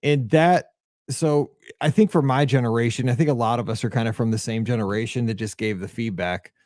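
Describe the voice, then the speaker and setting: A man's voice: mid-range voice, brisk, a little mellow, no echo. Sentimental male podcast host, forties, chatty and rambling, mid-range voice, dry booth. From Midwest of the US. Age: 40s. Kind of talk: solo podcast chat.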